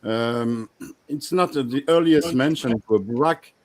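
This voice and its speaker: Guy guesting on a panel stream, mid-pitched, kinda hesitant, fills in while someone looks for notes. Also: unhurried, darkish tone, slight background noise. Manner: hesitant, filling time politely. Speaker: guest author. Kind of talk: live panel discussion.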